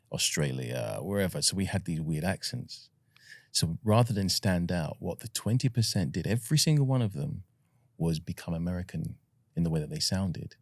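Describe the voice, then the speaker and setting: A middle-aged man with a refined British received-pronunciation accent speaks in a very low, gravelly voice. His delivery is soft and reflective, with unhurried pauses and filler words. The sound is close and dry, with no room around it. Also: no room sound. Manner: soft-spoken and reflective, pauses with ums and uhs. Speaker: actor, guest. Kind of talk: relaxed conversational interview.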